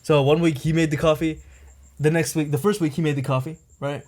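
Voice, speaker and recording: Fast-talking young man telling a story. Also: on the high side, steady tone, darkish tone. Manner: rambling, packed with "like" and "right?". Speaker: podcast co-host. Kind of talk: casual storytelling chat.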